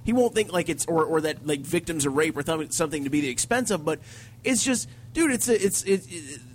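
Man, co-host, high voice, emphatic, profane, faint background hiss. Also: animated, brisk. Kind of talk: casual radio banter.

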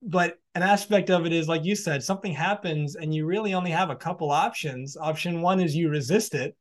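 A man's voice: a little high, fairly quick. A man hosting a podcast, reflecting in a loose conversational way on a guest's story. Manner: reflective, loose filler-heavy phrasing. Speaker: podcast host. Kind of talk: casual interview reflection.

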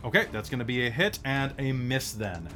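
A man runs a tabletop game, talking loosely with plenty of "uh"s and quick self-corrections. His voice sits at a mid pitch with a bright, forward edge. He sounds relaxed and conversational among friends. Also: soft background music. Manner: chatty, many fillers and self-corrections. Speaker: game master.

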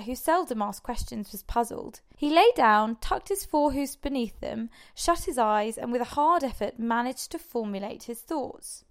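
A woman narrating an audiobook in a measured, steady way. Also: a little high.

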